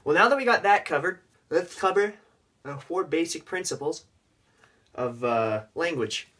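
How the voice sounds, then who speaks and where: A man's voice: on the high side, very animated, moderate pace, sharp tone, slight background noise. A young man casually vlogging tips on learning a language, with joking, rambling asides.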